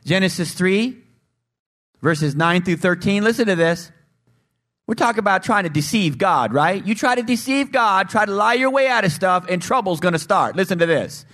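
A man's voice: high-pitched, moderate pace. A man preaching a sermon, putting questions to the congregation and acting out the voices of the people in his story. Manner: animated, acts out voices and asks the congregation questions.

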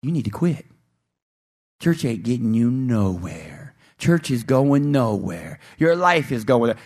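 A man's voice: fairly low pitch, darkish tone, voice pushed down, lightly acted. A man preaching voices the devil taunting a listener to give up. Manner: sneering, insistent. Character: taunting devil whispering discouragement.

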